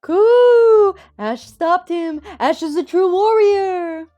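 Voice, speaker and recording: A brash, simple-minded male pigeon, voiced by a woman squawks his lines much higher than her normal voice, loud and blaring. Faint music runs behind. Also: takes it slowly, muffled recording. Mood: cheering. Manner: shrill, shouty, outraged. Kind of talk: reading a visual novel aloud.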